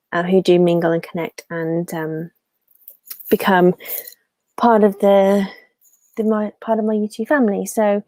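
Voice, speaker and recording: A woman's voice: mid-range voice, darkish tone, no echo. A young adult woman hosting a casual live stream from a room at home, chatty and rambling, with many fillers and restarts.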